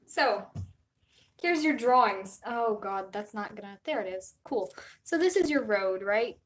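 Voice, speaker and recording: A young woman streamer telling a story in casual live-stream chat, animated, swinging between loud outbursts and soft asides. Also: mid-range voice, a little slow, a little hiss or hum, rough recording.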